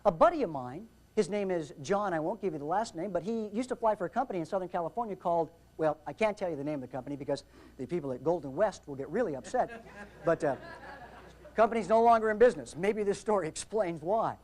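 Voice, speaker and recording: Animated joking man telling flying stories. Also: high voice, quick pace. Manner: animated, jokey, theatrical anecdotes. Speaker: aviation safety speaker. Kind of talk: humorous storytelling seminar talk.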